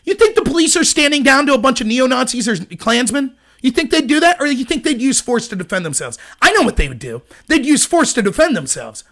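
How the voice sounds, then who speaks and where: A man hosting a live-streamed political commentary show, talking in an animated, indignant rant. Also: very high voice, brisk, few pauses.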